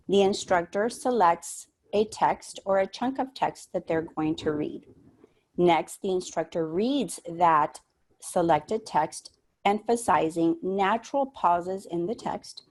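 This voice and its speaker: Soft-voiced woman explaining teaching methods. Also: lowish voice. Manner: explanatory, measured, with frequent fillers. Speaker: adult education instructor. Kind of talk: online teacher training presentation. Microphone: computer mic on a video call.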